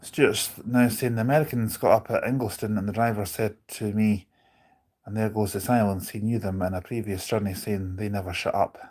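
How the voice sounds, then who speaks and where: A man's voice: lowish voice, steady tone, brisk, darkish tone. A man live streaming from on board a bus, chatting casually, rambling with his opinions and reading out viewer comments.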